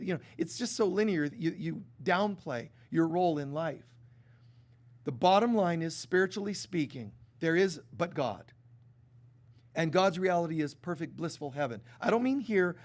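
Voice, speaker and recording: A spiritual teacher, a man with a slightly high voice, preaches from a stage to a live congregation. He speaks casually and with animation, often restarting his sentences and acting out little quoted exchanges.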